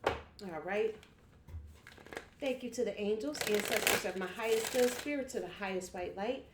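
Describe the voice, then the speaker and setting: A woman's voice: medium pitch, normal speed, heavy background noise. A woman giving a casual tarot reading at home, talking straight to her viewers in a blunt, chatty way and swearing freely. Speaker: tarot reader. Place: home room. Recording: echoey room.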